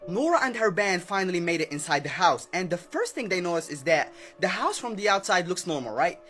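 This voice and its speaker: A high-pitched man recounts a scary tale in a loose, chatty way, tossing in "okay?" and acting out the dialogue. Faint music plays under his voice. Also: big pitch swings, fairly quick, few pauses, bright, forceful tone. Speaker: storyteller. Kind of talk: casual horror storytime.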